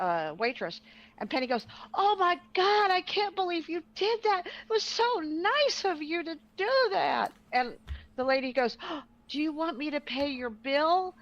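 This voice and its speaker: A woman's voice: medium pitch, lo-fi sound. A woman telling a long personal story in casual talk, full of fillers and acted-out quotes. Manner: rambling, acts out quotes with fillers. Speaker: podcast guest telling a story.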